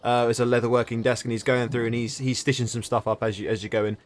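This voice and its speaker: A man's voice: medium pitch, flat delivery, quick pace, slight background noise. A man narrating a tabletop game as game master, rambling with many restarts.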